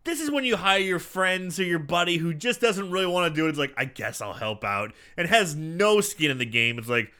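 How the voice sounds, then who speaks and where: A man's voice: high-pitched, lively intonation, fairly quick, hardly any pauses, pushed and bright, clean tone. A man chatting casually about a movie, laughing and chiming in with jokes. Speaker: podcast co-host. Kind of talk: casual comedic movie chat.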